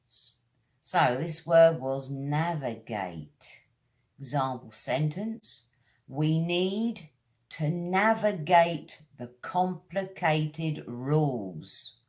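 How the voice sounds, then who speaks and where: A woman with a British accent teaching English vocabulary, drawing each word out slowly as she drills its pronunciation. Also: sits low. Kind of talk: vocabulary lesson.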